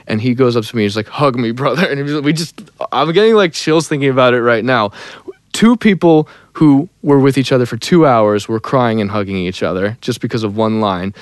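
A young man, a songwriter and singer, telling a story in a casual interview, lively and animated, dropping into sung snippets. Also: mid-range voice, brisk, no room sound, studio quality. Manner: animated, breaks into sung snippets and acted quotes.

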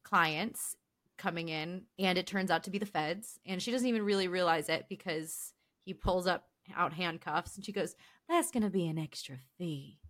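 A woman's voice: fairly low pitch, normal speed, a bit bright. A young adult woman co-hosting a casual podcast chat, teasing her partner and retelling stories with lots of "like". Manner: teasing, storytelling, filler-heavy. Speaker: podcast co-host.

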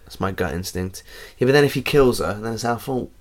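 A man co-hosting a casual comedy podcast, animated and jokey, often slipping into silly put-on voices. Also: lowish voice, a little fast. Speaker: podcast co-host.

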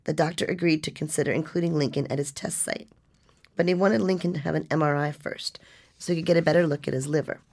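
A woman reading a nonfiction story as narrator, with a measured, restrained delivery. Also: sits low, steady tone, a little mellow.

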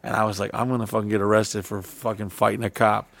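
A man's voice: fairly low pitch, little pitch movement, fast, gravelly, a bit bright, dry recording. A man hosting a podcast, telling rambling stories in casual, profane chat. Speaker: podcast host.

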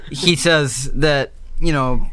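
A man's voice: mid-range voice, slow pace, a bit bright, slight background noise. A young American man co-hosting a faith podcast, speaking earnestly and rambling with many fillers. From United States. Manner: earnest, rambling, lots of "like" and "you know". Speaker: podcast co-host. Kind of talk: casual faith podcast chat.

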